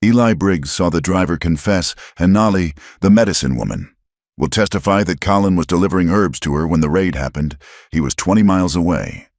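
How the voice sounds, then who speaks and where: A man's voice: low voice, a little fast, no echo, clean studio sound. A man voicing a defiant young frontier woman. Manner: firm, accusing.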